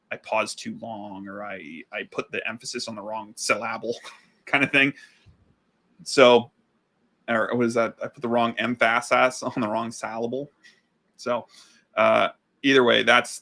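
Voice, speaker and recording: A man with a gravelly, fry-edged voice and a bright, forward tone talks loosely between takes. He rambles casually as a business coach and host, with plenty of fillers and restarts. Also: fairly low pitch.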